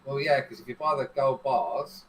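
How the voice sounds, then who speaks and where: A man's voice: medium pitch, normal speed, slight background noise, low-quality recording. A man chatting casually as a co-host, laid-back and dry. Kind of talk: casual chat.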